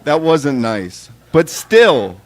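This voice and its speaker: A man giving a live reading of his own poems in a wry, deadpan, conversational way. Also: on the high side, drawn-out words.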